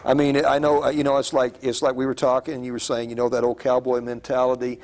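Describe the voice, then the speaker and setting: A man in his forties hosting a talk show, asking slow, probing questions with hesitant restarts. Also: medium pitch, completely flat delivery, darkish tone. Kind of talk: interview conversation.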